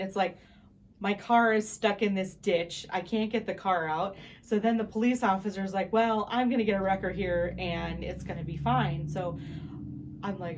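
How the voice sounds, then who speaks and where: A young woman vlogging to camera, retelling a story in a casual, animated way and acting out the people she quotes. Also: mid-range voice.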